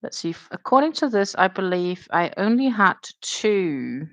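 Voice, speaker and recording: Chatty woman with a gravelly voice. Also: medium pitch, big pitch swings, unhurried, fairly bright tone, no echo. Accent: Danish. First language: Danish. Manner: chatty, dryly sarcastic, thinks aloud while counting stitches. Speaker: crochet stream host. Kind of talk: casual chat while crocheting.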